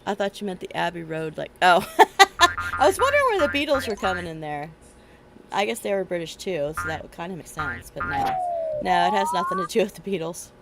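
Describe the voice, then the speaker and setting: Chatty woman streamer with gravelly voice. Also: on the low side, sing-song, brisk, very noisy. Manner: chatty, rambling, laughs often. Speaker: game streamer. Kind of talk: casual chat while playing. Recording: loud game music behind.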